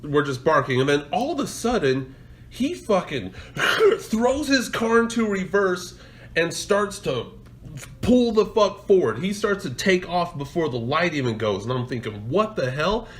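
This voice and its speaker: A brash man spinning a profane road rage story on a podcast, slightly higher voice than most men. He swears freely and bursts into loud acted-out yelling while he tells it. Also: very animated, unhurried. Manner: profane, loud, acts out shouting in quotes. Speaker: podcast co-host. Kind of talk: casual storytelling chat.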